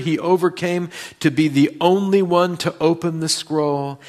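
Male preacher, expository sermon, emphatic peaks when reading and stressing key phrases. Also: medium pitch. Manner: reads scripture aloud with rising emphasis.

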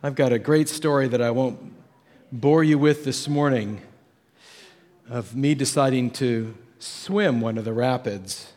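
A middle-aged man, a pastor, telling a story in a sermon and jumping his voice up to act out the people in it. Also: a little slow. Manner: animated storytelling, acts out voices with jumps in pitch.

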